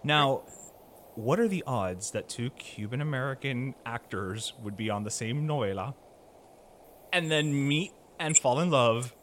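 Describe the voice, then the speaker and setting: A man's voice: medium pitch, animated, a little slow, fairly bright tone, a little hiss or hum. A man hosting a podcast, introducing guests in casual chat, laughing easily and dropping Spanish words. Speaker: podcast host.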